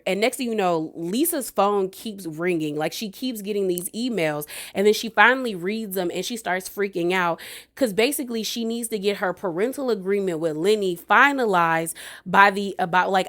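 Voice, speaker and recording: Chatty slangy woman recapping reality TV. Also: medium pitch. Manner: chatty, slangy, animated retelling full of "like" and "girl". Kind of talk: casual episode recap.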